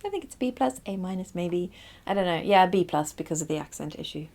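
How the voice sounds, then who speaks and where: A woman with a South African accent co-hosting a casual film review, emphatic and lively, sometimes searching for words. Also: fairly low pitch, brisk, vocal fry.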